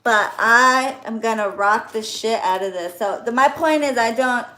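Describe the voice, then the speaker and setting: A woman's voice: on the high side, normal speed, sharp tone. A woman in her thirties chatting to her viewers while opening birthday gifts, gushing with thanks. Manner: effusive, grateful, gushing. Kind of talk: casual chat to viewers.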